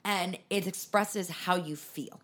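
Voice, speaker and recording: A woman's voice: fairly low pitch, fairly even intonation, a bit bright. Earnest young woman hosting a chat. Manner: enthusiastic, earnest, quick bursts. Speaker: podcast host. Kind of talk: casual chat.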